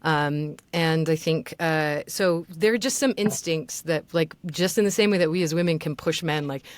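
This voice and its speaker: A woman with a slightly low voice gives relaxed, chatty feedback as a voice acting mentor. She talks loosely and fills her sentences with small hesitations. The sound is dry and close. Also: normal speed, dry recording. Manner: chatty, loose, many filler words. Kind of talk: casual feedback session.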